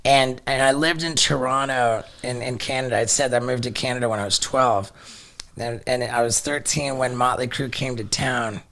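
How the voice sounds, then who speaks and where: A middle-aged man telling a story in casual chat, animated, swearing often and restarting his sentences. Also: medium pitch, moderate pace. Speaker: podcast guest.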